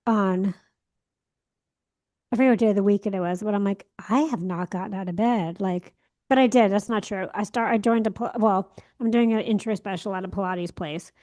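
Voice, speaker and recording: A woman's voice: medium pitch, fairly quick, a little mellow. A young woman co-hosting a podcast, telling a story in casual chat and acting out the lines she quotes. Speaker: podcast co-host.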